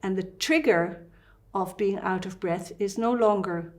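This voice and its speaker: A woman fasting doctor with a Dutch accent, explaining fitness and breathing in an interview with lively asides. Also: medium pitch.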